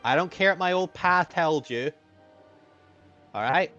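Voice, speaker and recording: A man voicing a surly young male Kenku, the administrator's son, gruff and defiant, swearing freely. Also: fairly high pitch, measured pace, sharp tone, highs cut off, faint music behind, voice pushed up.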